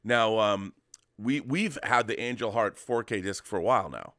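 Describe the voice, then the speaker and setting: Low-voiced, chatty man co-hosting. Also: moderate pace, fairly bright tone, dry recording, studio quality. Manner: enthusiastic, rambling, many restarts. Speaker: co-host of a weekly show about physical media. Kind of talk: casual chat. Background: dog at his feet.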